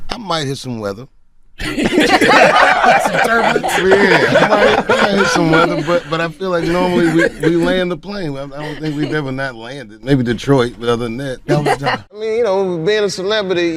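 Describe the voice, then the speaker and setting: A male comedian telling stories in a fairly high voice, animated and laughing as he acts out bits of dialogue. The clip has clear background noise running under his voice throughout. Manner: laughing, animated storyteller who breaks into quoted dialogue. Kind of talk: stand-up and talk-show storytelling. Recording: noisy compilation clip.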